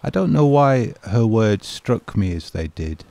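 A man recalls a small memory in an unhurried, wistful narration. His voice sits low, with a gravelly edge, and faint noise hums underneath. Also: sing-song, mellow. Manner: measured, wistful storytelling. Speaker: home renovation vlogger. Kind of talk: slow reflective narration.

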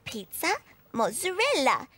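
Chatterbox, a squeaky chatty character. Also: female voice, wildly swooping pitch, sharp tone, slight background noise, heavily acted. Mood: curious. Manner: curious, drawn-out savoring of words. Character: chatty playful childlike friend character. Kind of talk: children's TV character.

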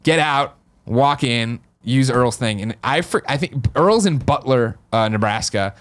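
A man's voice: medium pitch, unhurried. A man from the American Midwest hosting a casual chat, telling a long story with swearing and acted-out voices. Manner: animated, swearing, acts out quotes in funny voices. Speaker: podcast host.

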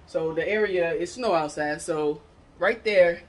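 A woman's voice: lowish voice, unhurried. A woman filming a family vlog at home, chatting to viewers with lots of laughs while she cooks in her kitchen. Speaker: family vlogger, mom. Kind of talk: casual vlog chat and cooking talk.

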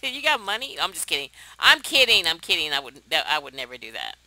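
A young woman hosting a let's play, chatting to viewers in a chatty, excitable way and laughing often. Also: sits low, fast, dry recording, poor audio. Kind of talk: casual gameplay commentary.

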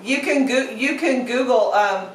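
A woman's voice: fairly high pitch, a little slow, reverberant, far from the mic, slight background noise, poor audio. A woman hosting a casual cooking demonstration, chatty and playful as she talks through each step. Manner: chatty and playful, narrates steps aloud. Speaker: cooking show host.

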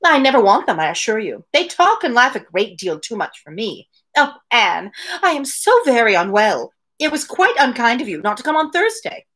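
A woman's voice: fairly high pitch, sing-song, moderate pace, a bit bright, pitched above the performer's own voice. A woman reading aloud and voicing a complaining, self-pitying young married woman. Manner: complaining, plaintive.

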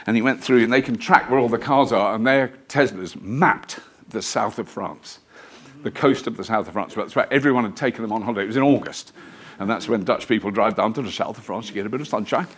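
A man's voice: on the low side, brisk, slightly rough. A man giving a live lecture to an audience in a museum lecture theatre, telling stories in a chatty, rambling, self-deprecating way. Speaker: guest lecturer.

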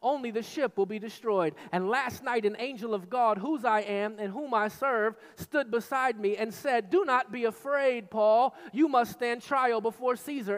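Man, pastor, sermon, emphatic, repetitive, rising to shouts, echoing sanctuary. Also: very high voice. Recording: long reverb of a large hall.

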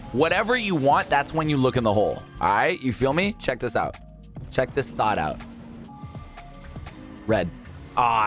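A young man in casual gaming commentary, rambling excitedly and sometimes breaking into shouts. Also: mid-range voice. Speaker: gaming YouTuber. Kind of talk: casual crate-opening commentary.

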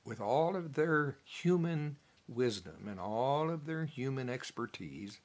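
A pastor preaching a folksy, animated sermon, chuckling as he talks it through. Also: mid-range voice, takes it slowly. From United States. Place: church.

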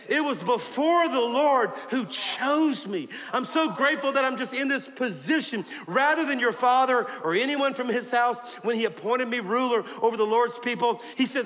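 A middle-aged man, preaching a sermon in a fired-up way, rising to shouts. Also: very high voice, moderate pace. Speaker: pastor. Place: large church auditorium. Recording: hall reverb with faint crowd and noise. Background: congregation.

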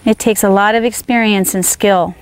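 A woman's voice: mid-range voice, steady tone, moderate pace, slight background noise. A woman horse trainer giving a riding demonstration outdoors, firmly coaxing her horse with short praise while explaining to viewers.

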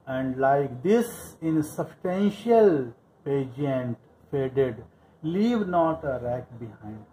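A man's voice: medium pitch, animated, very slow, mellow, slight background noise, low-quality recording. A male teacher explaining a play line by line. He reads each line, then paraphrases it, repeating phrases with many fillers.

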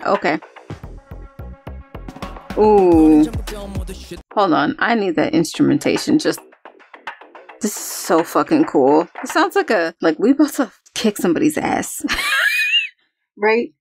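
A woman reacting to an album in casual commentary, excitable, swearing a lot and breaking into exclamations and laughter. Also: on the low side, unhurried, long pauses, soft background music. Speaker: music reaction host. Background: song playing faintly.

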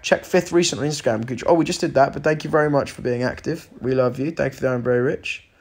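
A man's voice: medium pitch, quick pace. A young man hosting a casual livestream, chatty and slangy, thanking viewers by name in an indoor room. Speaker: livestream host.

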